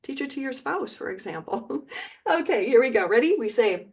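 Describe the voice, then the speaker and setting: A middle-aged woman teaching a video lesson, encouraging and repeating words slowly for learners, now and then singing along. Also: on the high side, very animated, a little mellow. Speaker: Spanish teacher.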